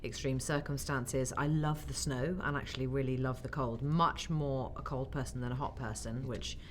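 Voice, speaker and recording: An English actress in her forties chatting in an interview, telling stories with animated acted-out quotes. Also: extremely low pitch, moderate pace. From England. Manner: animated storyteller, acts out quotes. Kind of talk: casual interview chat. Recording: faint background noise.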